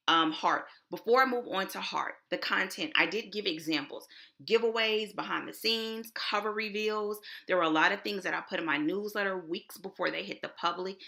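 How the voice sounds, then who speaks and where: A woman's voice: fairly low pitch, sharp tone. A middle-aged woman with a Texan accent from Houston, giving a chatty, emphatic conference talk as a presenter. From Houston, Texas.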